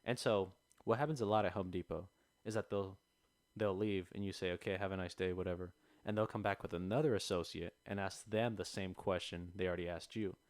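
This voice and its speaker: A man's voice: low voice, a little fast, dry recording. A young man chatting casually on a podcast, telling a story and acting out the customers in it. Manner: animated storytelling, acts out customers. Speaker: podcast co-host. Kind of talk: casual chat. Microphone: close podcast mic.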